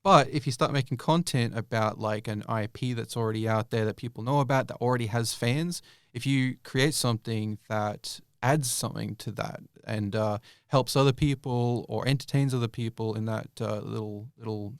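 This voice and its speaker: A man's voice: mid-range voice, fairly even intonation, normal speed, smooth, no echo, studio quality. A young man answering interview questions casually, rambling with many fillers and restarts. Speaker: YouTube creator guest.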